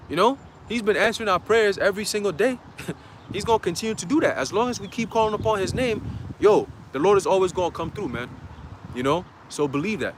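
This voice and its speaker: A man's voice: sits high, a little hiss or hum. A man preaching a casual livestream sermon in a loose, conversational way, full of fillers, reading scripture aloud.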